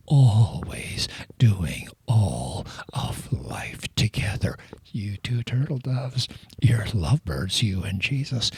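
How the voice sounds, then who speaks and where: Male preacher, hushed and very raspy, slow and deliberate delivery, earnest sermon. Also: on the low side, no echo. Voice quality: whispery strained voice. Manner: earnest, emphatic, intimate address to listeners.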